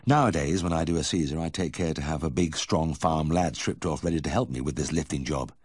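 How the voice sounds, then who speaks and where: Husky low-voiced male audiobook narrator. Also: darkish tone, no echo, clean studio sound. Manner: measured, vivid storytelling. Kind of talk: first-person memoir reading.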